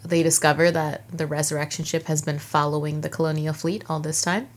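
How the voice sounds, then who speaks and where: A woman's voice: sits low, fairly even intonation, fairly quick. A woman co-hosting a casual TV recap chat, laughing often and acting out characters' lines. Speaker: podcast co-host.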